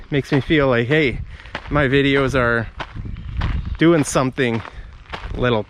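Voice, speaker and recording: Guy walking and talking to his viewers outside, a bit winded, mid-pitched, faint noise around. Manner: chatty, rambling, friendly to viewers. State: a bit out of breath. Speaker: English teacher YouTuber. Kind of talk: casual walking vlog. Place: outdoors on a forest path.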